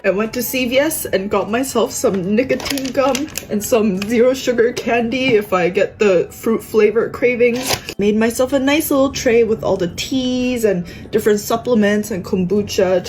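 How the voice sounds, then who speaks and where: A woman's voice: medium pitch, a little mellow, slight background noise. A woman speaking earnestly and sincerely in a personal vlog. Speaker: vlogger.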